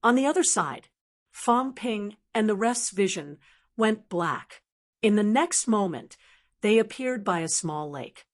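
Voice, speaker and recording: A woman's voice: medium pitch, lively intonation, unhurried. Woman narrating an audiobook evenly. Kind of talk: scripted narration.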